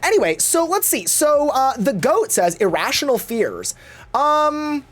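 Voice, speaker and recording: A man's voice: extremely high pitch, huge pitch swings, measured pace, a bit bright. A man chatting casually on his livestream, gossiping and swearing freely and acting out other people's lines in exaggerated voices. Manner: gossipy, profane, acts out quotes in exaggerated voices. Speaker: Twitch streamer.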